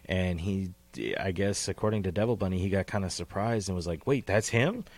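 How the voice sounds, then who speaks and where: A man with a deep, low voice co-hosting a casual podcast. He rambles from tangent to tangent, swears freely and laughs easily as he talks into his mic. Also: steady tone, a little fast, a little mellow, dry recording. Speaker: podcast co-host.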